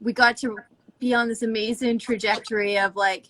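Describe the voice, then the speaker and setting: A woman stylist hosting a live stream over her phone, chatting in an excitable, gushing way. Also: on the high side, normal speed. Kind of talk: casual chat.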